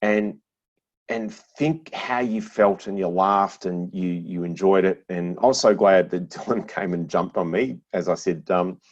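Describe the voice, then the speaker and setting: A middle-aged man talks in a somewhat low voice, telling animated stories with easy laughs and plenty of restarts. The podcast chat sounds dull and lo-fi, as if recorded on modest gear. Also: a little slow. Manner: animated storyteller with frequent laughs and repeated restarts. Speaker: podcast guest.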